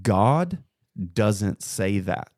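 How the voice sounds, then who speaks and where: A man in his thirties co-hosting a casual faith chat, retelling a conversation as a story with animated bursts. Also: on the low side, extremely slow, dry recording, clean studio sound. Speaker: podcast co-host.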